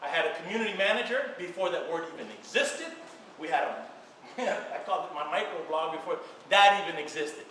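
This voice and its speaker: Bright-voiced man giving a talk in an echoey hall. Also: on the high side, a little fast, far from the mic, slight background noise. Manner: energetic, emphatic, repeats phrases for effect. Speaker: speaker at a social media event. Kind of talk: conference talk. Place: event hall with an audience. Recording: echoey room picked up from afar.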